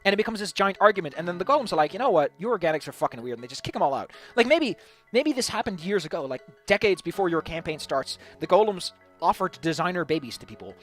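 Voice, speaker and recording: Fast-talking high-voiced man rambling. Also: sing-song, a bit bright, soft background music. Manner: rambling, many repeated restarts. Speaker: tabletop game video host. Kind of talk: casual rambling monologue.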